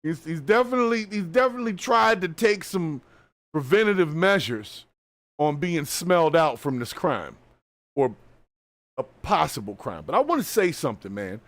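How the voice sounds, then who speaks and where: A man hosts a live stream and talks over a clip in a loose, animated, slangy way. His voice sits a little high. The sound is dry and close. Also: normal speed, no room sound. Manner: casual, animated, colloquial. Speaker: host. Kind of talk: live-stream reaction commentary.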